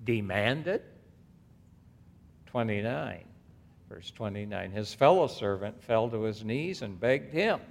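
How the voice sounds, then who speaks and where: A pastor with a creaky, mid-range male voice preaches an expository sermon, reading scripture aloud and breaking off into emphatic asides. The church sanctuary gives the recording a long hall reverb.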